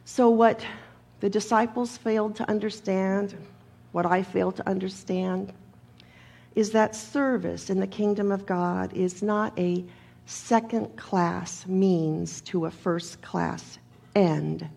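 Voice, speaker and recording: A woman preacher delivering a sermon in a measured, emphatic manner, leaning on repeated phrases and a gravelly voice. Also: medium pitch, fairly even intonation, mellow.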